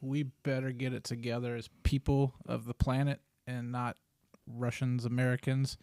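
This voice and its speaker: A man's voice: mid-range voice, level tone, moderate pace, dark tone, no room sound, studio quality. A man in a casual podcast chat, speaking in short, earnest remarks.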